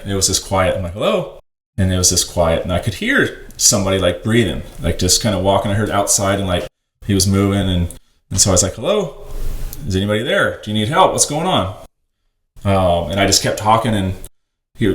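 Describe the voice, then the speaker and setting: A man earnestly telling a personal story on a podcast, rambling and full of "like". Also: lowish voice. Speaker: ministry worker on a podcast. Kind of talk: casual storytelling. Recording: roomy echo, faint noise.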